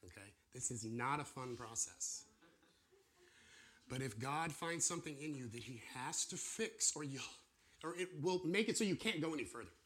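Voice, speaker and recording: A man teaching an informal sermon to a class, animated and acting out the voices of people and God. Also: medium pitch, normal speed, slight background noise. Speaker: pastor or church teacher.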